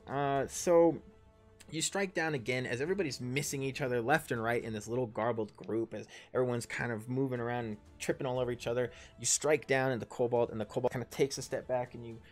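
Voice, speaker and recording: A man in his thirties narrates a tabletop game, stumbling through ums and restarts and tossing in casual curses. His pitch sits in a middling range, and faint music plays softly in the background. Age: 30s. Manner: rambling, full of ums and self-corrections, swears casually. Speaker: game master and player.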